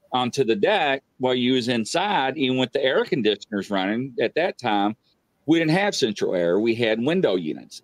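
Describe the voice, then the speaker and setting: A man's voice: medium pitch, dry recording. A middle-aged man, casually telling a ghost story and acting out the voices. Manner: animated, acts out quotes loudly. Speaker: guest telling paranormal experiences.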